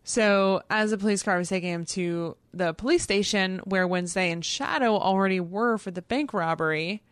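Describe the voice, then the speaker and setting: A woman co-hosting a casual podcast chat, recapping plot in lively detail. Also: medium pitch, moderate pace, clean tone, no echo. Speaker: podcast co-host.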